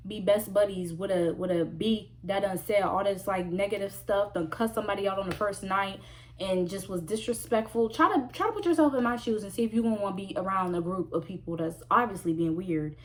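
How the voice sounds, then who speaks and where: A woman vlogger telling a story in a casual, animated way, full of slang and emphatic repeats. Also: mid-range voice, brisk.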